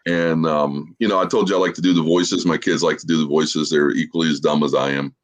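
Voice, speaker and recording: A man's voice: rumbling low, flat delivery, a little fast. A man in his forties from Florida, chatting as a podcast guest in an easygoing, rambling storytelling way with plenty of fillers. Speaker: guest, social media creator. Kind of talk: casual podcast chat, storytelling.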